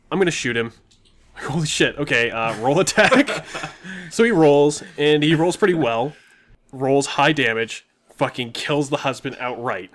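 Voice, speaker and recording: A young man telling a long tabletop game story in a casual chat, animated and often laughing as he quotes the players. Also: medium pitch. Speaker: podcast co-host telling a story.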